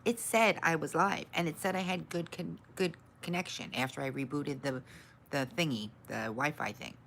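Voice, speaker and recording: A woman hosting her own livestream, grumbling about her tech troubles and brightly greeting her viewers. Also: low voice, normal speed, gravelly, slight background noise. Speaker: livestream host. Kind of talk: casual livestream chat.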